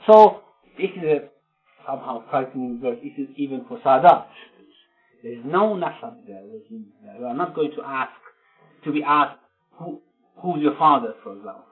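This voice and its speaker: A man giving an earnest religious sermon, translating scripture verses and explaining them with frequent pauses. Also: medium pitch, lively intonation. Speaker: religious lecturer. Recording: tinny phone-line sound with faint music.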